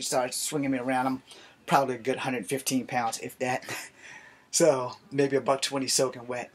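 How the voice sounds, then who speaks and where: A man telling a story from his youth in a casual live stream, animated and profane. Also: medium pitch, normal speed, slightly rough.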